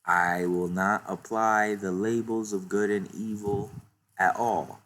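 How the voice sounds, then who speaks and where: A man reading out the lines of a solemn old male scientist in a measured, formal way. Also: on the low side, level tone, a bit bright.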